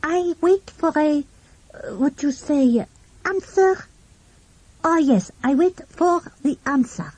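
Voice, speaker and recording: A woman voicing a polite, timid French schoolboy with a French accent who speaks halting broken English. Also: high voice, animated, warm tone, dry recording, pitched above the performer's own voice.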